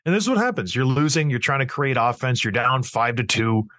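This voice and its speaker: Lively former-player hockey pundit, man. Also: medium pitch, fairly quick, dry recording, studio quality. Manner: blunt, animated, acts out players' voices. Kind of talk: casual sports talk.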